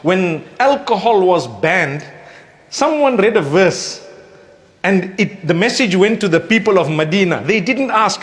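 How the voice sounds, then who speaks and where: A man with a fairly high voice preaches in a relaxed, conversational way. He gives gentle advice and brings his stories to life by acting out the people in them. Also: a little slow. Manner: animated, acts out quoted speakers; recites scripture in melodic chant. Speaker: Islamic preacher. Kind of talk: conversational sermon.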